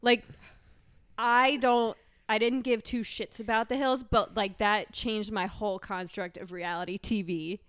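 A woman co-hosting a podcast, reading lines in a comedy skit and retelling a show's ending in a chatty, excitable way. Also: medium pitch, unhurried, clear, resonant tone, dry recording, studio quality. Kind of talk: comedic script reading and casual chat.

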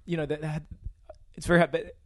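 A man's voice: a little high, level tone, fast talker, no room sound, clean studio sound. A young man co-hosting a casual late-night podcast chat, rambling and stuttering with frequent laughs. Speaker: podcast co-host.

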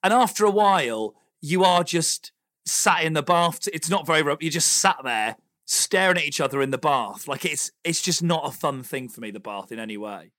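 High, bright podcast host. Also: male voice, lively intonation, moderate pace. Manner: chatty, laughs easily. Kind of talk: casual podcast chat.

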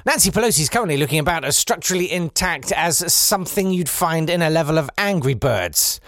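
Sardonic man, lively delivery. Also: a little high, a little fast, no room sound, studio quality. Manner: sardonic, swinging from loud to quiet for effect. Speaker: comedy podcast host. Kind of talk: satirical comedy monologue.

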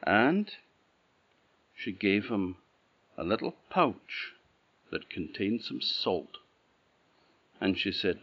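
A man with an Orcadian Scottish accent tells a traditional folk tale in an unhurried, rhythmic flow. His voice sits on the lower side and moves slowly. The recording sounds slightly dull and lo-fi. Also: big pitch swings, fairly bright tone, breathy edge. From Orkney, Scotland. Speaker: storyteller. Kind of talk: oral folk tale telling.

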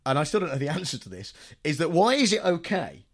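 High-voiced guy on a chatty podcast, bouncy, keeps restarting his sentences. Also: big pitch swings, quick pace, husky. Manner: rambling, restarts often, argues a point. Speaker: podcast co-host. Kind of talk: casual comedy chat.

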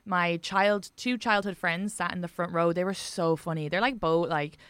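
Smooth-voiced Irish woman telling stories. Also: on the low side, steady tone, moderate pace, fairly bright tone, no room sound. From Ireland. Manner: chatty storyteller, laughs often. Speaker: podcast host. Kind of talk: casual chat.

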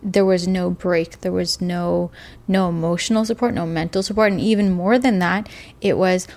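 A woman candidly recounting hard personal experiences, emotional and halting at times. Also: fairly low pitch, steady tone, darkish tone. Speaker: interviewee. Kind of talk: personal testimony.

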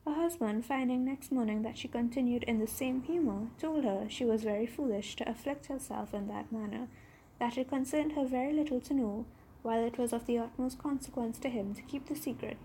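Brief: female storyteller, high, husky, mellow tone, calm storybook reading. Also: brisk, a little hiss or hum, rough recording. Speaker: podcast host, storyteller.

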